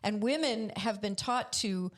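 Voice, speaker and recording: A woman in casual podcast conversation, explaining her ideas in a thoughtful, measured way. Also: mid-range voice. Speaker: podcast co-host.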